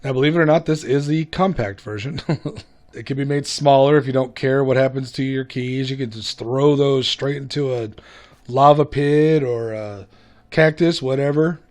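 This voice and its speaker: A man's voice: medium pitch, moderate pace, darkish tone. Chatty man narrating his gameplay. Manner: chatty, self-mocking, hums and laughs to himself. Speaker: gaming video host. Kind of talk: casual gameplay commentary.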